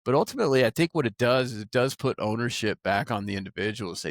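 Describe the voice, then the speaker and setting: A man's voice: medium pitch, fast, no room sound, clean studio sound. A man talking candidly in a casual interview, acting out the things people said and owning up to his own mistakes. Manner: animated, acts out quoted remarks; candid and self-critical. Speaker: market director; guest.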